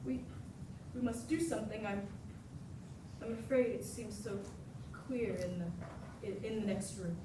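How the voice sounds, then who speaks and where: A woman's voice: on the high side, moderate pace, long pauses, noisy background, close to an everyday voice. A young actress on a school stage playing a fussy, frightened older woman who stammers and frets. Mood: fretful. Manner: stammering, fretful and breathless. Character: fussy aging woman, a former actress, frightened and self-pitying. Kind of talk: live stage acting. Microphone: distant room mic. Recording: echoey hall recorded from far off.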